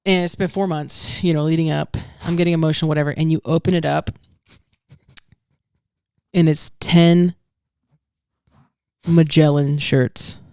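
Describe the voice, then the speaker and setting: A woman's voice: deep voice, fairly even intonation, unhurried, pauses often, mellow, clean tone, no room sound, clean studio sound. A woman co-hosting a podcast, telling a long, rambling hypothetical story in casual banter. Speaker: podcast co-host.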